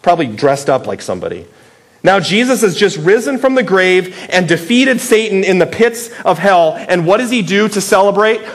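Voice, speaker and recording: A man's voice: sits high, expressive, normal speed. A man preaching a sermon in a playful, conversational way, asking the listeners many rhetorical questions. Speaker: pastor.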